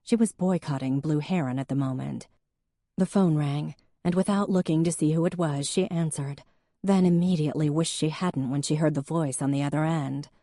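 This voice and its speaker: Low, mellow female audiobook narrator, measured and even, dry close mic. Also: no room sound. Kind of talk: scripted narration.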